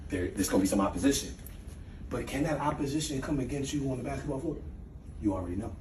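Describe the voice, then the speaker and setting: A man speaking as a dean to a group of young men, giving a motivational speech and leading call-and-response chants, moving from low confiding talk to loud calls. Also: lively intonation, quick pace, reverberant, recorded from a distance, a little hiss or hum. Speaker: dean leading a youth ceremony.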